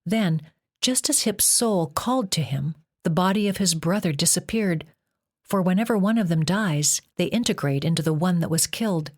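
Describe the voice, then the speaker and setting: A woman narrating a novel as an audiobook in a measured reading. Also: on the low side, expressive. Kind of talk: scripted narration.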